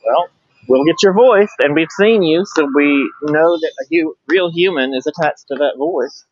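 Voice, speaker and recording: A man co-hosts a casual livestream while riding his motorbike, chatting away and laughing often. His voice is fairly high and his speed normal, picked up by a camera on a bike mount in a dry, lo-fi recording.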